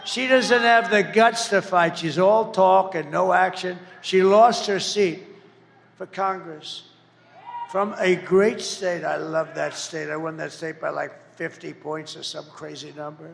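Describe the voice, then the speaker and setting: Gravelly man giving a rambling rally speech. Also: high voice, steady tone, measured pace, in a large hall, a little hiss or hum. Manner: rambling, mocking and emphatic, breaking into shouts. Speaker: political candidate. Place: large rally venue.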